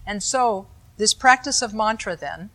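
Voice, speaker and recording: A woman teaching meditation in a calm dharma talk, her voice bright and clear. She explains patiently and turns to her listeners with easy asides. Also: mid-range voice, unhurried.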